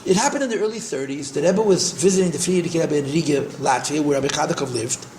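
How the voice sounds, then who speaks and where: High-voiced older man telling rabbinic stories. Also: quick pace, a little hiss or hum. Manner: repetitive, animated storytelling sprinkled with Yiddish and Hebrew terms. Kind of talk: storytelling talk. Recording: echoey room.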